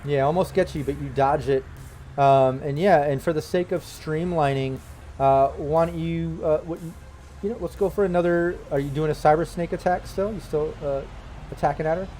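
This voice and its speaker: A man's voice: a little high, fairly even intonation, normal speed, mellow, slight background noise. A man narrating as game master of a tabletop game, loose and full of fillers.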